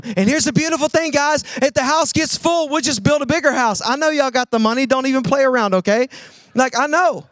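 A man preaching a sermon, calling on the audience to answer and swinging between loud urging and hushed emphasis. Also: very high voice, animated, fast talker, no room sound, clean studio sound. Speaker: pastor.

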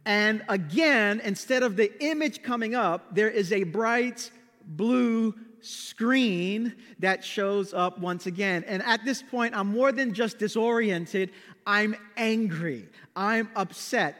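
High-pitched pastor guy telling a funny story in a sermon, lots of reverb. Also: slow pace. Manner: storytelling, animated, self-deprecating.

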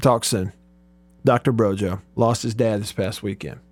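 A man's voice: lowish voice, steady tone, moderate pace, a little mellow, no echo. A man in his forties hosting a radio show, telling stories easily and laughing often. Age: 40s. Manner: laughing storyteller, easygoing. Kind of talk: casual radio chat. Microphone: studio microphone.

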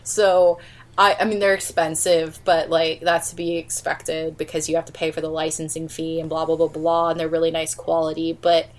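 A chatty woman co-hosts a casual podcast, drifting from one tangent to the next. Her voice sits somewhat low, and she breaks into laughter often. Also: flat delivery, normal speed. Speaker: podcast co-host. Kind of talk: casual chat.

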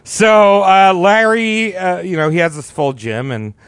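A man's voice: high voice, unhurried, a bit bright, clean tone, dry recording, clean studio sound. A man casually telling a crude story on a podcast, rambling and acting out quotes. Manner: rambling, profane, acts out quotes.

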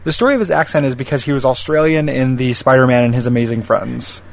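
A man co-hosting a podcast, chatting casually and wryly about a cartoon, tossing in quick imitations. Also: mid-range voice, creaky. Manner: wry, quick asides with put-on character voices. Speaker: podcast co-host. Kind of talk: casual chat reviewing a cartoon.

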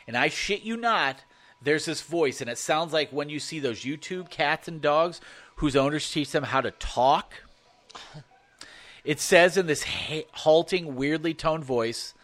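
A man narrating a first-person horror story, swearing freely and telling it with animated energy. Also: fairly high pitch, measured pace.

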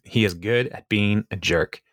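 Low-voiced man recapping a show. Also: unhurried, fairly bright tone, dry recording, clean studio sound. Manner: chatty retelling with frequent laughs and fillers. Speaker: podcast co-host. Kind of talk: casual chat recapping a TV episode.

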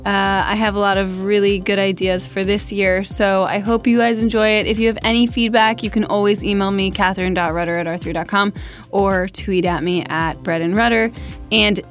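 Woman podcast host in a studio, bubbly and jokey, laughs a lot, middle pitch. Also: fairly even intonation, normal speed, soft background music. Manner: bubbly, laughs often, self-mocking asides. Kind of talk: casual podcast chat.

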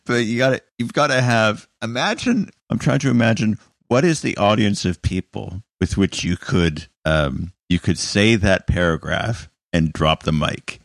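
A man's voice: fairly low pitch, a little slow, gravelly, hardly any pauses, no room sound, clean studio sound. A man co-hosting a podcast in casual chat, laughing often and restarting his sentences. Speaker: podcast co-host.

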